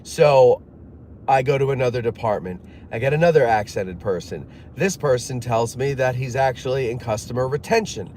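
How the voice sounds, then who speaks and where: A man's voice: mid-range voice, darkish tone, slight background noise. Exasperated man rambling through a story. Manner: rambling, exasperated, acts out others' lines in quick quotes; frequent fillers and restarts, sighs. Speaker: show host telling a personal story. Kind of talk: casual monologue storytelling.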